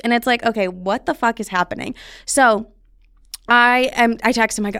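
A woman's voice: a little high, brisk, fairly bright tone, smooth, dry recording, studio quality. A young woman hosting a podcast, telling a personal story in a chatty, profane way full of "like". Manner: chatty, profane, frequent "like" filler. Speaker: podcast host. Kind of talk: casual storytelling. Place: studio.

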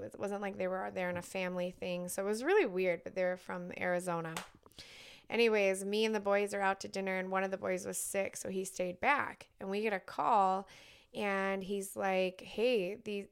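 Animated woman telling a story. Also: mid-range voice, creaky, clear, resonant tone. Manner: animated storyteller, acts out quotes, swears casually. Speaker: podcast co-host. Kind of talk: casual chat storytelling.

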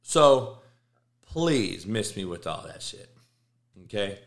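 Slow and sing-song, with a gravelly, lowish voice, a middle-aged man hosting a sports show goes on a casual college football rant. He's emphatic, cursing and saying things over again for effect.

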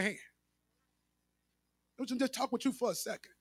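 A man's voice: very high-pitched, normal speed, breathy edge, no echo, studio quality. A male pastor preaching a sermon with emphatic repetition, speaking straight to his congregation.

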